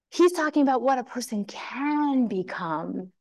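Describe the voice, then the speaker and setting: A married woman teaching a Torah class to women, telling a story in a lively way and acting out the quotes. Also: high-pitched, normal speed, hardly any pauses. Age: adult. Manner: animated storytelling, acts out quotes.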